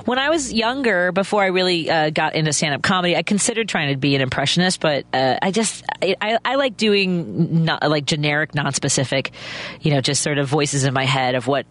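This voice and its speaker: A woman's voice: deep voice, brisk, fairly bright tone. A woman with a Chicago accent, hosting a radio talk show and telling stories in a chatty, rambling way. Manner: chatty, storytelling, many restarts. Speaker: radio talk show host and stand-up comic.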